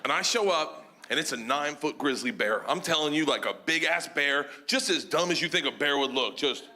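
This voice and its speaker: A middle-aged man telling a stand-up story on a comedy stage, loud and excitable, shouting punchlines and acting out characters. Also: fairly high pitch, brisk. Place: comedy stage before a laughing audience. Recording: live show with clear audience noise.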